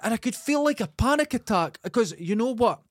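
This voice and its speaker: A Scottish man hosting a podcast, telling a comic story in an animated, emphatic way and swearing freely. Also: very high-pitched, fairly quick, no echo, clean studio sound. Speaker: podcast host. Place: studio.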